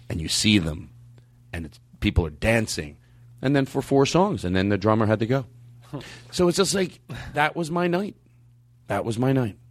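A man hosting a podcast, telling stories in casual, animated, profane comedic chat. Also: lowish voice, dry recording. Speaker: podcast host.

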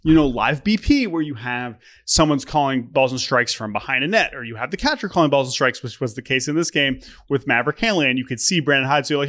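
Young man, podcast co-host, casual chat, animated storytelling, frequent laughs, mid-range voice. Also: mid-range voice, quick pace, hardly any pauses.

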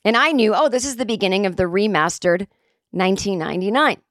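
A woman's voice: medium pitch, fast, fairly bright tone, dry recording, studio quality. A woman in her forties telling a casual, rambling anecdote. She mocks herself and swears freely. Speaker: comedic storyteller.

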